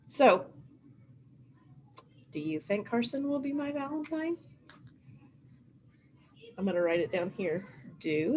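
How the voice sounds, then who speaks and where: A middle-aged woman teaching a remote first grade writing lesson at home, in a sing-song, animated way, stretching out letters and sounds. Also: a little high, slight background noise.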